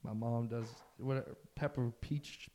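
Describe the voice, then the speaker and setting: A man's voice: mid-range voice, steady tone, takes it slowly, crowd noise. A young man co-hosting a podcast, teasing the others and acting mock-offended in casual chat. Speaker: podcast co-host.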